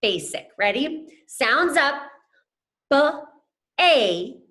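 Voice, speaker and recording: A woman's voice: a little high, expressive, a little slow, bright, forceful tone. A young adult woman teacher giving a phonics lesson to children, upbeat and encouraging, talking to them as friends. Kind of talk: scripted classroom lesson to camera.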